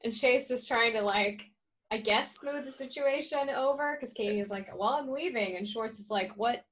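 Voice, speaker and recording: A woman with a slightly high voice chats casually as a podcast co-host. She is wry and mimics people as she retells scenes. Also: normal speed, a bit bright. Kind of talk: casual recap chat.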